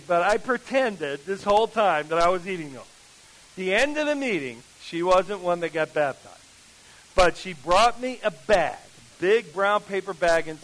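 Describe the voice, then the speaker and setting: A preacher with a notably high voice tells a story from the pulpit. He is animated and acts out each person he meets, turning the sermon into lively storytelling. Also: rough recording.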